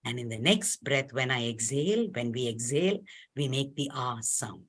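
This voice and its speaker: A woman facilitating an online arts workshop, gently instructing and telling a story as she leads group voice exercises. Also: very deep voice, expressive, normal speed. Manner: storytelling narration with soft asides. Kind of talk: guided arts workshop over a webinar.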